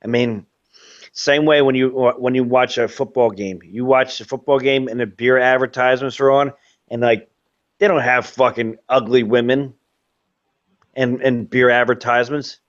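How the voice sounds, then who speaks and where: A man's voice: mid-range voice, fairly even intonation, moderate pace, highs cut off. A man ranting in casual commentary as host of his own show, profane and rambling with lots of fillers. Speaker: host of a webcast.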